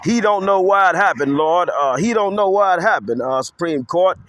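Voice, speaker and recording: A man delivering a rambling, improvised monologue in an animated, preachy way, repeating call-outs and speaking of himself in the third person. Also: high-pitched, normal speed, no room sound. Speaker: self-styled local activist vlogger.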